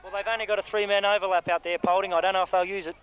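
Quick-talking aussie guy, co-commentating on rugby, keeps saying mate, bit high voice. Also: flat delivery, fairly bright tone, clear, resonant tone, poor audio. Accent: Australian. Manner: chatty, wisecracking, says "mate" often. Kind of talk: amateur rugby league commentary.

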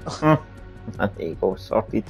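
Slow gravelly man gaming with mates. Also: on the low side, sing-song, darkish tone, faint music behind. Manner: laid-back, laughs often, short replies. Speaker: gamer. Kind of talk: casual game chat with friends.

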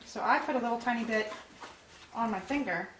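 A woman pet trainer giving a casual demonstration, explaining steps and softly cooing praise at a dog. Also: a little high, fairly quick. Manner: coos praise at the dog in a soft voice. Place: indoor room with a dog. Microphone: camera mic from a distance. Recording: echoey room, far from camera mic, faint hiss.

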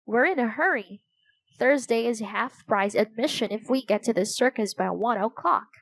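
A woman's voice: on the high side, moderate pace, vocal fry, no echo. A woman reading the part of an eager, helpful young boy in a storybook, in a friendly, slightly raised voice. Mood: earnest.

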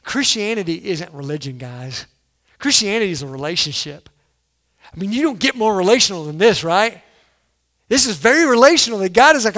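A man preaching a sermon as pastor, animated, acting out quoted lines and punching key words loudly. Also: sits high, fairly quick. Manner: animated, acts out quotes, sudden loud emphasis.

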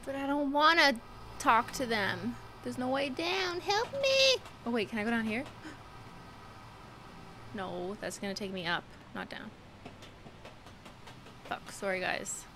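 A woman's voice: a little high, a little slow, long pauses, bright, forceful tone, slight background noise. A woman streaming a game live, chatting casually, swearing a lot and breaking into anxious squeals. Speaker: livestreamer. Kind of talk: casual gameplay commentary. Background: game music.

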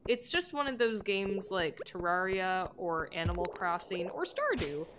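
Her medium-pitched voice swings widely in pitch, delivered at a measured pace against a noisy background. The gaming streamer rambles and giggles frequently in casual live chat as game music plays.

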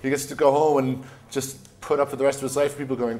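A man's voice: mid-range voice, level tone, fast talker, darkish tone. An American musician, a man, talking casually and swearing in an interview.

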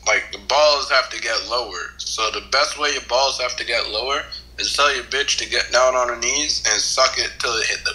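Laid-back young guy, crude jokes, sharp bright tone. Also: medium pitch, poor audio. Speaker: video chat stranger. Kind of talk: casual chat.

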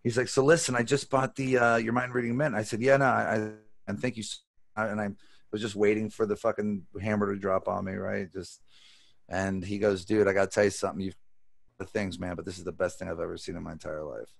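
A man with a gravelly, creaky voice lectures on magic over a video call. He tells his story casually and with animation, swearing freely as he goes. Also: on the low side, level tone, fairly quick.

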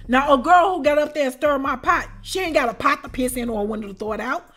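A woman with a high, sharp voice tells a storytime tale straight to her viewers. She talks in an animated way and now and then bursts into shouts. She keeps tossing in the same conversational tag. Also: quick pace, few pauses. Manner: repeats a conversational tag often. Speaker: storyteller and channel host. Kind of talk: storytime vlog.

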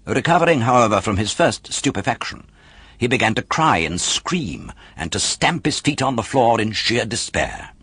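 A man narrating a children's novel audiobook in an expressive, dramatic storytelling manner. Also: medium pitch, normal speed, slightly rough, no room sound.

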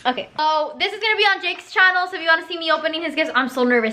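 A teenage girl vlogging casually at home, giggly and excitable as she chats to the camera. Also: high-pitched, fast talker, hardly any pauses. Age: teens. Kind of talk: casual vlog chat. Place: home living room. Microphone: handheld camera.

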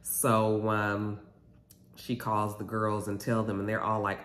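A man giving a casual, animated recap of a reality TV episode, gossipy and sassy. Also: lowish voice, unhurried, roomy sound.

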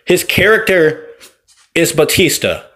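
A man's voice: a little high, very animated, measured pace, a bit bright. A man, a wrestler, giving a casual, rambling opinion vlog while playing a game, often backtracking and correcting himself. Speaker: wrestler and vlogger.

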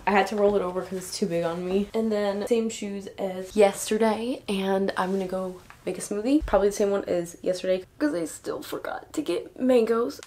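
A woman's voice: medium pitch, normal speed, few pauses, a little mellow, a little hiss or hum. A young woman in college talking casually to her phone camera, chatty and upbeat, with lots of filler words. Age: young adult. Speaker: college student vlogger. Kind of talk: casual vlog talk to camera.

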